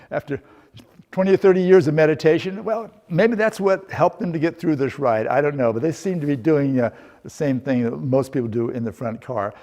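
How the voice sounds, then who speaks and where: Middle-aged man, workshop lecture, playful storytelling, rhetorical questions, slightly high voice, long hall reverb. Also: moderate pace, a little mellow. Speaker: workshop presenter. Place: seminar room.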